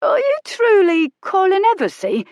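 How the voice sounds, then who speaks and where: A woman's voice: extremely high pitch, huge pitch swings, normal speed, darkish tone, no room sound, studio quality, pitched above the performer's own voice, full character voice. A woman voicing a young male footman who stammers with eager admiration in old-fashioned speech. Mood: eager awe.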